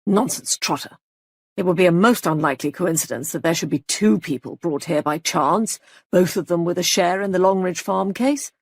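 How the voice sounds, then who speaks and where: A woman's voice: on the low side, normal speed, no room sound, studio quality. A woman voicing a protective young husband who speaks in a brusque, indignant way.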